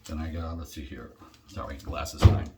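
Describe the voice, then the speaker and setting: Low-voiced rambling man unboxing. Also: moderate pace, very noisy. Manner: rambling, chatty, thinks aloud with many ums. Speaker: shaving vlogger. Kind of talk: casual unboxing vlog.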